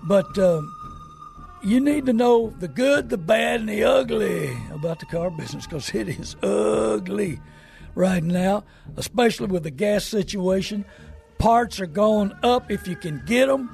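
A man's voice: high voice, animated, a little slow, vocal fry, darkish tone, faint music behind. An older man hosting a call-in car radio show in a folksy, rambling salesman's way. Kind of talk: casual call-in radio talk with plugs.

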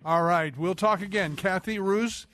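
A man hosting a radio talk show, interviewing a guest and reading sponsor spots in a measured, earnest way. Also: high voice, a bit bright.

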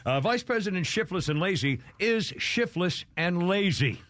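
A man's voice: sits high, lively intonation, unhurried, fairly bright tone, no room sound. A man in his sixties hosting a talk radio show, blunt and jokey with frequent chuckles. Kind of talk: casual talk radio banter.

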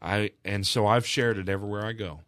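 A man's voice: lowish voice, fairly even intonation, a little fast, a bit bright, clean tone, no room sound, clean studio sound. A man speaking as a guest on a charity radio broadcast, telling a heartfelt story in an earnest, emotional way with frequent restarts.

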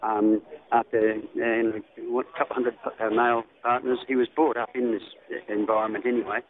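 Calling in to a radio show over a tinny phone line, an Australian man chats casually and rambles, full of ums and restarts. His medium-pitched voice is flat and a little fast.

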